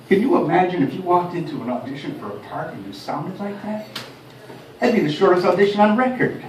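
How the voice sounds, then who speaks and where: A man's voice: high-pitched, lively intonation, brisk, slight background noise. Detroit-born male stand-up, chatty and self-deprecating, heard from afar with faint ambience. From Detroit, USA. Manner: chatty, self-deprecating, chuckling at own jokes. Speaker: stand-up comedian. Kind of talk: stand-up comedy routine. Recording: roomy, distant mic, faint ambience.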